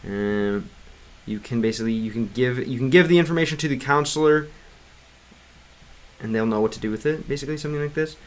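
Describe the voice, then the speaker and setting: A man chatting casually on a livestream, rambling with many restarts and fillers and stopping now and then to sound out game text in halting learner's Russian. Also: medium pitch. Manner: clumsy Russian read aloud in a learner's voice. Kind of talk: casual livestream chat reading comments.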